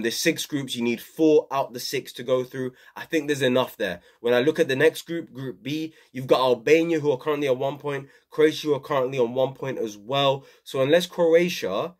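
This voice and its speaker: A man's voice: mid-range voice, darkish tone. Rambling young man reviewing football. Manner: rambling, opinionated, many fillers. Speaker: football channel host. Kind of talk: casual football review vlog.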